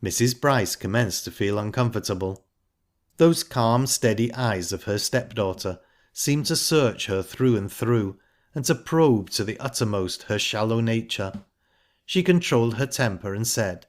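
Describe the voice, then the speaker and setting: A man reading a novel aloud as audiobook narrator in a measured, plain storytelling way. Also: lowish voice, animated. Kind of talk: scripted narration.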